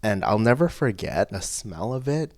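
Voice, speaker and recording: A man telling a personal story in casual chat, animated and breaking into laughs. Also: lowish voice, normal speed. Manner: animated, laughs between lines, rising into excited outbursts. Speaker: podcast guest telling a story.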